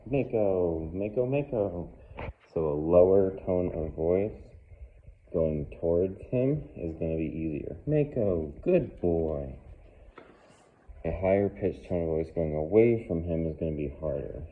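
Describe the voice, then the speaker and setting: Male dog trainer, deep and lively, calm explanations with firm commands, thin phone-like audio. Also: moderate pace. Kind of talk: hands-on training demonstration. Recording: tinny phone-like sound.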